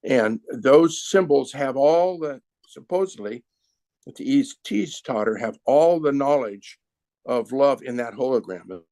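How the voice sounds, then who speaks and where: A man with a gravelly, creaky voice, recorded dry and close. He talks slowly and patiently, walking through his ideas step by step as a sound healer. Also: mid-range voice, animated, darkish tone, no echo. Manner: slow, explanatory, demonstrating with his hands. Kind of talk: conversational interview.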